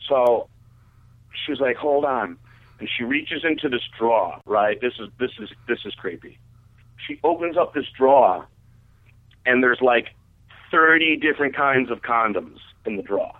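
A man rambles through a crude personal story on the radio, stacking "like" and restarting his sentences. His voice sits at an ordinary middle pitch. The sound is narrow and tinny, like a phone line. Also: animated, moderate pace. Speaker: guest telling a story on a radio show. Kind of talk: casual storytelling.

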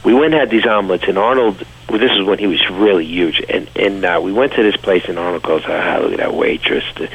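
A man's voice: sits low, fast, few pauses, a bit bright, slightly rough, lo-fi sound. Rambling New York man telling stories. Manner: rambling, many fillers and restarts, laughs while telling. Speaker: interview guest, bodybuilder. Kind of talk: casual storytelling interview.

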